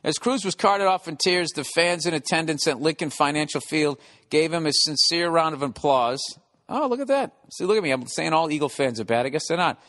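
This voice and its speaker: A man's voice: on the high side, expressive, fairly quick, fairly bright tone. A middle-aged man hosting his podcast from home in a casual monologue, ranting with profane, sarcastic asides. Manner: profane, sarcastic ranting with mocking put-on voices. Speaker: podcast host. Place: home, construction noise below.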